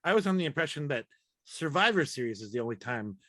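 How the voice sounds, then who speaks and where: Casting: male co-host, slightly higher voice, bright and tense tone, upbeat, dry mic. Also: big pitch swings, fast, no echo. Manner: upbeat, laughs easily, swears casually. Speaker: podcast co-host. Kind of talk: casual chat.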